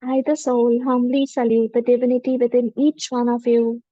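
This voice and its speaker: A woman, a spiritual teacher leading a guided forgiveness meditation in a gentle, humble voice with repeated affirmations. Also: on the high side, little pitch movement, moderate pace, dry recording. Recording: dull lo-fi dry recording.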